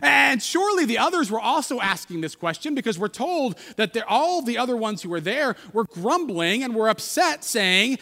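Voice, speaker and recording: A man with a very high, lively voice gives a sermon in a casual, halting way, often restarting his sentences. His voice rings with long hall reverb, as in a church. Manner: conversational, halting with many restarts. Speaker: pastor.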